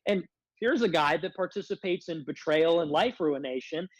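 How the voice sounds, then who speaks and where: A man's voice: fairly high pitch, animated, moderate pace, no room sound, low-quality recording. A man ranting as a guest on a livestream, confrontational and self-described as a hothead, repeatedly demanding answers. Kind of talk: heated casual rant.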